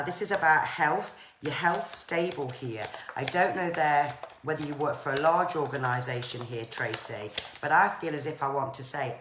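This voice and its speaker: A woman, a psychic medium giving live-streamed card and spirit readings in a gentle, repetitive manner. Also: rumbling low. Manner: gentle, repetitive, pads phrases with "here" and "there". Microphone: phone or webcam on a live stream. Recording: roomy echo, faint noise.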